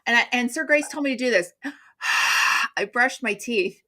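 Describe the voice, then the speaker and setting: A woman co-hosting a livestream, bubbly and quick to chime in and laugh. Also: on the high side, animated, pushed and bright. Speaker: livestream co-host. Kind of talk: casual livestream chat.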